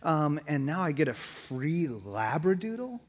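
A man's voice: a little high, very animated, unhurried, big-room sound. A man in his thirties, a pastor, preaching a sermon full of humorous stories. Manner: humorous storytelling.

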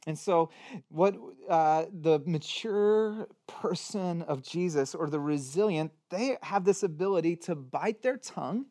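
Male pastor, 30s, casual conversational sermon with big loud-to-soft swings. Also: a little high. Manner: conversational preaching with wide swings from loud to hushed.

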